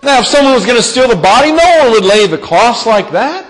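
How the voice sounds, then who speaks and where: A man preaching a sermon, reading scripture and retelling it with dramatic storytelling and big swings in pitch and loudness. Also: big pitch swings, a little fast. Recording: long hall reverb.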